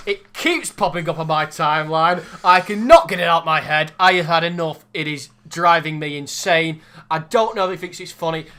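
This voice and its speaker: Young guy cohosting a sports podcast, bit high voice, ranting for laughs. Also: sharp tone. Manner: exasperated ranting, joking. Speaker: podcast co-host. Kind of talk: casual sports podcast banter.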